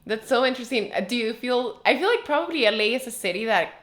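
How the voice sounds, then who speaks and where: A young woman from northern Mexico hosting a podcast interview, chatty and quick to laugh. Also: on the high side, expressive, a bit bright. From northern Mexico, Tijuana. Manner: chatty, laughs often, frequent backchannel hums. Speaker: podcast host. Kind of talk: casual interview conversation.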